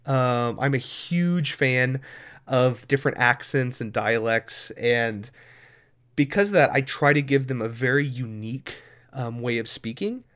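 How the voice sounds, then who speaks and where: A man in casual podcast chat, a game master who explains things and slips into quick voice demonstrations. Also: mid-range voice, fairly bright tone. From United States.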